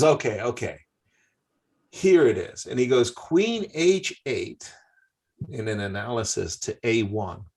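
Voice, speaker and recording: An older man commenting on chess, telling animated anecdotes with laughing asides in a casual way. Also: fairly low pitch, gravelly, breathy edge.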